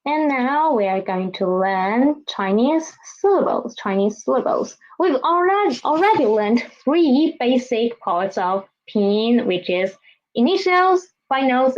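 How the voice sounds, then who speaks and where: A woman teaching a beginner Chinese lesson, whose first language is Vietnamese, patiently modeling and exaggerating each tone for learners to repeat. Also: on the high side. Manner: patient, exaggerates tones when modeling sounds. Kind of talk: slow, deliberate language lesson with repeat-after-me drills. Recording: slightly dull, lo-fi recording.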